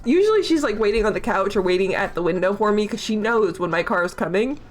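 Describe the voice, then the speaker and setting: A woman's voice: mid-range voice, animated, fast talker. A young adult woman chatting casually on a livestream, rambling with lots of fillers and frequent giggles. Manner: giggly, rambling, laughs often. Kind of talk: casual chat stream.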